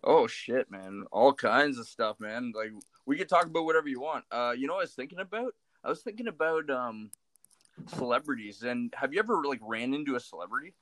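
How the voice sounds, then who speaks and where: A man in casual chat, laid-back and crude, often speaking quietly. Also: mid-range voice, animated, a little fast, dry recording.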